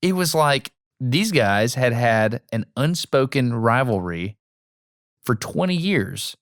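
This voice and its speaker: A man co-hosting a podcast in casual chat, telling stories with animated delivery and acting out lines he overheard. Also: mid-range voice, slow, dry recording, clean studio sound. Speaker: podcast co-host.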